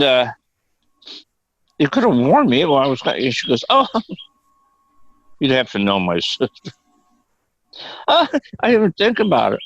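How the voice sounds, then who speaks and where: A man's voice: medium pitch, dry recording. An older man as a podcast guest, telling rambling, profane anecdotes and laughing often. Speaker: guest actor. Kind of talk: casual storytelling. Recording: dull, dry sound.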